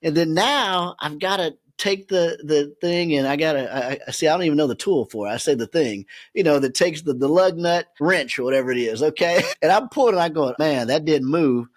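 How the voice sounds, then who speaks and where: A man who is a podcast guest, telling a story in a lively way and often laughing as he talks. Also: fairly high pitch, fairly quick, hardly any pauses. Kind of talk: animated storytelling.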